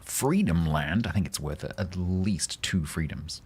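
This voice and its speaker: A game streamer talks with his chat in a relaxed, joking way. His voice sits very low and has a husky edge. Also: measured pace. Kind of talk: casual live-stream chat.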